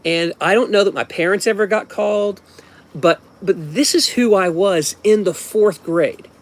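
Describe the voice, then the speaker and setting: A man's voice: high voice, moderate pace. A man in his fifties from Ohio telling a personal story at home in a casual, rambling way, often restarting and adding asides. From Ohio, USA. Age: 50s.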